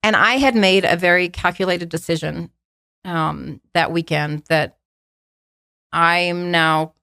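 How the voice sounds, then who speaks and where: A woman's voice: on the low side, steady tone, slow, gravelly, pushed and bright, no echo. A woman guest telling a personal story in an interview, vivid and emphatic, often restarting her sentences.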